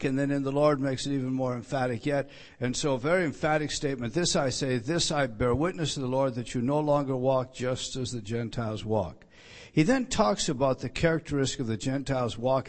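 A male pastor preaching an evening sermon, reading scripture aloud and stressing key words, with frequent restarts. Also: medium pitch.

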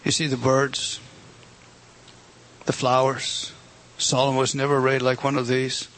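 A man's voice: mid-range voice, completely flat delivery, measured pace, a bit bright. A man preaching a sermon in an earnest, emphatic way, often repeating words and addressing the congregation directly. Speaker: pastor.

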